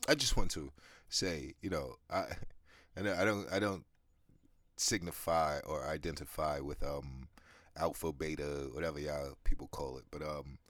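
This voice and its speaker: Super deep voiced guy in his 30s rambling on his podcast, swears a lot, smoker cough, dry close sound. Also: moderate pace, a bit bright, dry recording. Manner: rambling, profane, laid-back, many restarts and fillers. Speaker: podcast host. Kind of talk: casual monologue.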